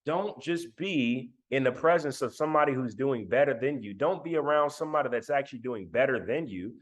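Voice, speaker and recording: A man's voice: medium pitch, a little fast. Emphatic man giving a livestream talk. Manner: emphatic, repeats phrases, addresses chat directly. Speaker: motivational speaker. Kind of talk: live-streamed motivational talk. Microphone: laptop mic.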